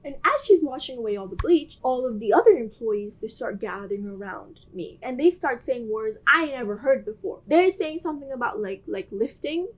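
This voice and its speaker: A young adult woman tells a casual storytime. Her voice sits a bit high. She talks in an animated, self-mocking way and leans on "like" as a filler. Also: breathy edge. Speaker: vlogger telling a story.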